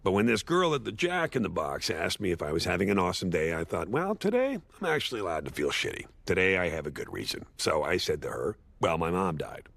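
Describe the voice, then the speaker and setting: A man's voice: low-pitched, sing-song, quick pace, vocal fry, hardly any pauses, a bit bright, no echo, exaggerated voice. A man playing a sardonic, washed-up male horse actor who rambles through a eulogy with awkward, sarcastic jokes. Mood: wry. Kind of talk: comedic eulogy monologue.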